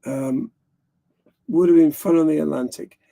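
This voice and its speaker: A man's voice: a little high, unhurried, vocal fry, warm tone. A man hosting a live stream, talking casually and rambling frankly, swearing now and then.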